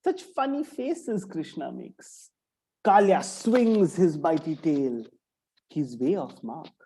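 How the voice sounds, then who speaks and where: Male storyteller for kids, lively pitch, unhurried, mellow tone, sound effects. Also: breathy edge. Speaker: children's storyteller. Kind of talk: animated storytelling for children.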